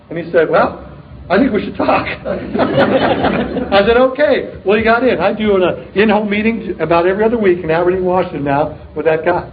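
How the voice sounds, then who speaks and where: A man's voice: high-pitched, a little fast, roomy sound. A middle-aged man giving an upbeat motivational talk to a live audience, telling joking stories in a punchy way. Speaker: sales leader speaking at a distributor meeting. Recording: tinny, narrow-band recording of a live talk.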